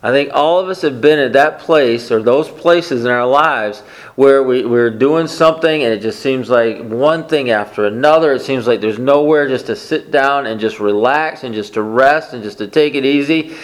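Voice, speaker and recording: A man's voice: medium pitch, normal speed. A man preaching a conversational sermon, often asking the congregation questions. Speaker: pastor.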